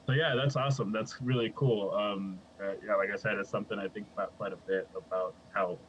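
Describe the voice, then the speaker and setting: A man's voice: on the low side, fairly even intonation, a little fast, dull audio, a little hiss or hum. A man co-hosting a podcast in casual chat, rambling from thought to thought, laughing often and checking in with "right?". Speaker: podcast co-host.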